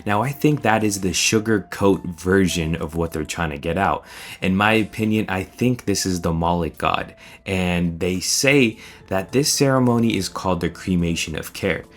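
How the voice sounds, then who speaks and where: Deep-voiced man giving commentary. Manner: speculative, asks questions of his own. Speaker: video commentator. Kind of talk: opinion commentary.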